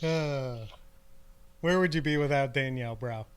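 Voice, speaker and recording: A man's voice: mid-range voice, a little slow, smooth. A man hosting a podcast in a laid-back way, saying "dude" often and laughing along with his guest. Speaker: podcast host. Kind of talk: casual chat.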